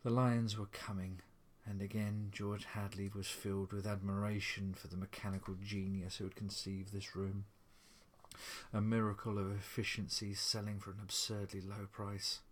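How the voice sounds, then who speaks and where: A man narrating a story aloud in a measured, vivid reading. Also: on the low side, level tone, slight background noise.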